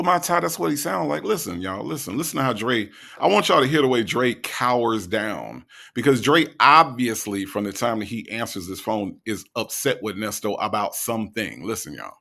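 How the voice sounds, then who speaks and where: An animated man from the American South, talking through a clip in casual reaction commentary. His voice is gravelly, with a lot of creak in it. His pitch swings all over the place as he mocks and repeats lines. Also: moderate pace. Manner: animated, mocking repetitions. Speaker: commentary channel host.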